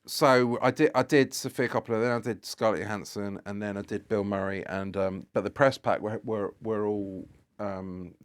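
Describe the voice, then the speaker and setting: A man's voice: fairly low pitch, fairly even intonation, normal speed, hardly any pauses, clear, resonant tone. A British man telling stories as a guest on a podcast, rambling along with lots of fillers and restarts. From Britain. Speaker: guest photographer. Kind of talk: anecdotal podcast storytelling.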